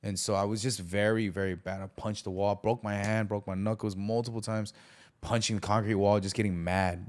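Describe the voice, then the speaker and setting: A man telling his life story candidly as a podcast guest, using street slang and acting out the voices he quotes. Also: lowish voice.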